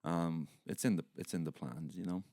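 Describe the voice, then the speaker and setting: A man's voice: deep voice, fairly even intonation, normal speed, darkish tone, no room sound, studio quality. A middle-aged Irish man chatting as a podcast guest, laughing easily and swearing. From Ireland. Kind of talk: casual chat.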